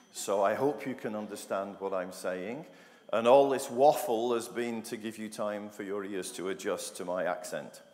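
A middle-aged man from England giving a talk to an audience, wry and jokey, often asking the room questions. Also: lowish voice. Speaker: conference speaker. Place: university lecture hall. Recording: long reverb of a large hall.

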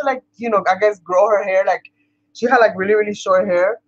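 A woman's voice: medium pitch, fairly even intonation, fairly quick, muffled recording. Chatty New woman crafting vlogger. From New York. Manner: chatty, laughs often, talks to viewers as "you guys". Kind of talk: casual chat while crafting.

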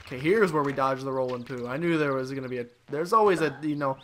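A young man giving casual, jokey let's play commentary, excitable and talking to the game figures. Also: mid-range voice, quick pace, slight background noise. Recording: voice over loud game music. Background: game music.

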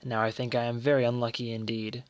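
Guy doing a tired bitter mom, slow dry answers, a touch higher than his own voice. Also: level tone, clear, resonant tone, no echo, close to an everyday voice. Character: bitter, weary mother of modest means.

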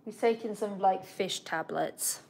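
A woman's voice: medium pitch, a little slow, gravelly, a little mellow. A young woman hosting a casual livestream about her pet bird, chatting and giggling as she talks to the bird and the viewers. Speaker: pet bird channel host.

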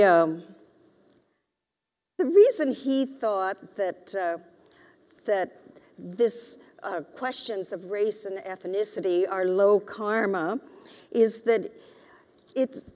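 Brief: woman author, lecture and reading, unhurried and halting, long hall reverb. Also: medium pitch, a little mellow. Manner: hesitant, many fillers. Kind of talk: lecture with a reading from her novel.

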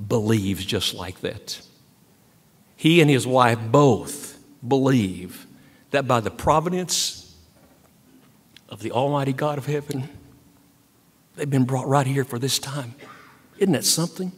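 A man's voice: mid-range voice, lively intonation, slow, pauses often, breathy edge. An older man, a university president, giving an earnest, emphatic ceremonial speech at a podium and repeating key words for weight. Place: large hall. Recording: long hall reverb.

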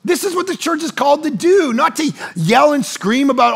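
A middle-aged male pastor preaches in a loose, conversational way, rolling from anecdote to anecdote with quick asides. His voice sits high for a man and carries a gravelly fry. He acts out the people in his stories with lively energy. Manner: conversational storytelling with rapid asides; animated, acts out quoted people. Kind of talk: sermon.

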